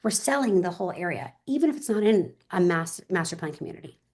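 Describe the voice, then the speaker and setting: A woman's voice: fairly low pitch, lively intonation, fast talker, darkish tone. A woman real estate agent talking in an interview, telling stories with energy and emphasis and speaking straight to her listeners.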